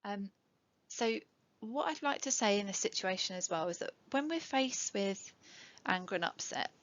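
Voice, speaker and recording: A woman's voice: mid-range voice, lively intonation, normal speed, a bit bright, dry recording. A middle-aged woman, an educational psychologist, giving a webinar talk to parents in a conversational way, with many ums and light laughs. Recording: dull lo-fi webinar audio.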